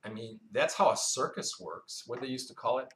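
Male preacher, mid-pitched, conversational Bible teacher who quizzes the room; roomy, echoey recording. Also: expressive, a little fast, a bit bright, a little hiss or hum. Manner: quizzes the congregation, asks and answers its own questions; conversational, with asides and storytelling. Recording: roomy echo.

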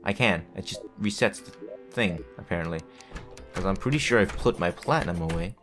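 A male gaming video creator rambles in casual self-talk with jokey asides as he plays, over faint game music. His voice is low, a little fast, and fairly bright in tone.

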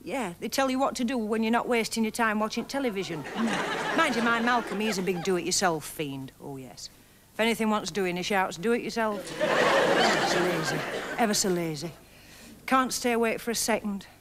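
A woman doing a stand-up routine, gossiping in a chatty way and firing off deadpan one-liners while laughing at her own jokes. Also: mid-range voice, normal speed, over a noisy crowd, heavy background noise. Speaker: stand-up comedian. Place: TV studio stage before live audience. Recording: archive TV recording with audience laughter.

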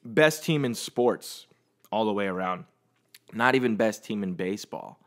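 Alone on his own podcast, a male host rambles casually and easygoingly, with plenty of profanity. He speaks a little slowly in a lowish voice with lively intonation.

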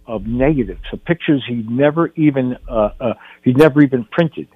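A man's voice: mid-range voice, moderate pace, slightly rough, no echo, faint music behind. An older man, a film director guest on a radio show, telling a personal story in an earnest way, often restarting his sentences. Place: radio studio. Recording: dull radio broadcast.

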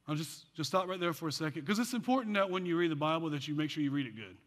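A man preaching a sermon as pastor, animated with joking asides, then dropping into quiet earnest passages. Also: fairly high pitch, rapid-fire. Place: church sanctuary. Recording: long church hall reverb.

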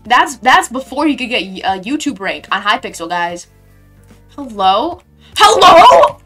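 A young woman streaming a game, chatting casually and reading her chat aloud with sudden excited squeals. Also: mid-range voice, a little slow, faint music behind.

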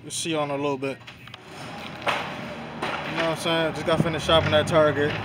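A man's voice: fairly high pitch, little pitch movement, moderate pace, loud music behind the voice, poor audio. A man casually vlogging with his family, calling viewers y'all and leaning on fillers. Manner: laid-back, addresses viewers as y'all, repeats fillers. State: out of breath. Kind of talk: casual vlog to camera. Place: out and about while shopping, then at home. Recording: loud background noise, traffic.

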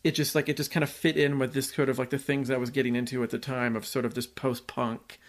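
A man's voice: mid-range voice, little pitch movement, fast. A man in his forties co-hosting a podcast, chatting casually and rambling through his memories. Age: 40s. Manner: rambling, full of likes and restarts, laughs easily. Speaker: podcast co-host. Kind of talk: casual chat.

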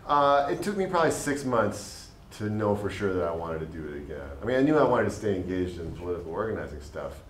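Deep-voiced and sing-song, a state legislator in his late 20s talks fast with hardly any pauses as he answers at a panel. His reply is earnest and rambling, full of fillers, and the event room sounds echoey with a faint background hum.

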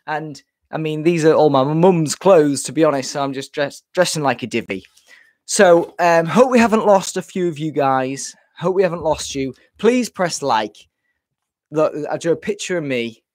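A man's voice: on the high side, expressive, moderate pace, darkish tone, no echo. Chatty man hosting a live stream from home, out of breath, repeats himself, dry close webcam sound. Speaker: livestream host. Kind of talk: casual live-stream chat. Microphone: webcam setup.

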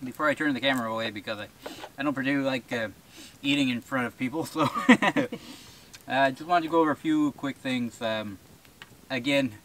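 A man's voice: medium pitch, a little fast, fairly bright tone, slight background noise. A man from rural New Brunswick, chatting casually to camera in the woods, rambling with fillers and chuckles. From rural New Brunswick, Canada. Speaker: bushcraft channel host. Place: outdoors in the woods. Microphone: camera-mounted shotgun mic.

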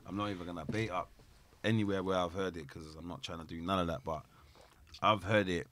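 Fast animated young man telling stories. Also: sits low. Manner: animated, acts out quoted voices in street slang. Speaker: podcast co-host. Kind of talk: casual storytelling chat.

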